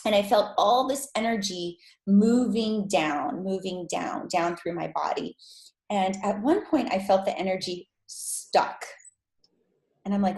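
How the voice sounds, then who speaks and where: A woman telling a personal story as a podcast guest, with lively, high-pitched acted-out quotes. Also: measured pace. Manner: animated, acts out quotes in high voice. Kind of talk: casual storytelling interview. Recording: echoey room.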